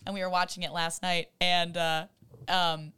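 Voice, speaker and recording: A woman chatting as a podcast co-host into a studio microphone. Her voice is bright and crisp, with a smooth, resonant clarity. She tells stories in an animated, chatty way and leans on "like" as she goes. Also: lowish voice, normal speed. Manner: animated, chatty storytelling with lots of "like". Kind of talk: casual podcast chat. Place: radio station studio.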